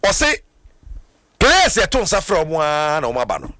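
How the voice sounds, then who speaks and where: A man with a Ghanaian accent hosting a sports chat, animated and mixing Twi with English. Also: fairly high pitch, normal speed, no echo, studio quality. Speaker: sports show host.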